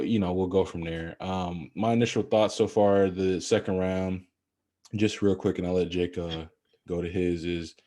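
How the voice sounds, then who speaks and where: Low, mellow-voiced man talking sports. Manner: animated, rambling, emphatic. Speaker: podcast co-host. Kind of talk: casual sports chat.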